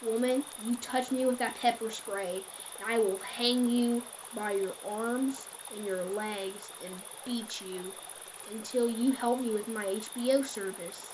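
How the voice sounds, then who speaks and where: A woman voicing a menacing male prank caller who makes loud, slow, bullying demands. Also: a little high, background noise, lightly acted. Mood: threatening.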